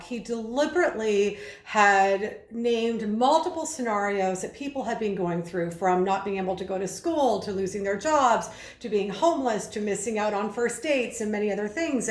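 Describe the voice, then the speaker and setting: A woman's voice: fairly high pitch, reverberant. A woman speaking coach giving an analytical video commentary, explaining and acting out the vocal emphasis she describes.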